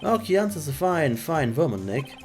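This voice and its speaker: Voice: medium pitch, sing-song, moderate pace, darkish tone, faint music behind, close to an everyday voice. A streamer voicing a goofy young man who boasts cheerfully, reading game dialogue aloud.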